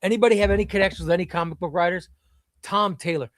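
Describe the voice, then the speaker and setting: A man's voice: sits high, fairly even intonation, racing, fairly bright tone, dry recording, clean studio sound. A man hosting a live comics stream, chatting casually and enthusiastically while reading out viewer comments. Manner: enthusiastic, rambling, reads out chat. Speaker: host of a live comics show.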